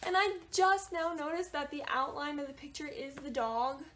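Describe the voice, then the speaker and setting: A young woman in a casual book vlog, chatty and animated, with lots of filler words as she runs through her reading list. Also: sits high, normal speed, a little hiss or hum. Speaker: book vlogger. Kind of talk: casual book talk to camera.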